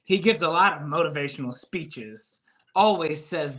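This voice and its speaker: A man co-hosting a casual sports podcast, excitable and reacting out loud as he talks. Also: a little high, normal speed. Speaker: podcast co-host.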